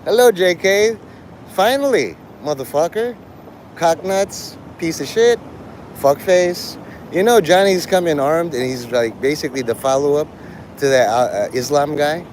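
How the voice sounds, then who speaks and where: A man's voice: fairly high pitch, expressive, measured pace, darkish tone, slight background noise. A man streaming live and talking with his chat in a provocative, profane, rambling way. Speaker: livestreamer. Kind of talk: casual livestream chat with viewers.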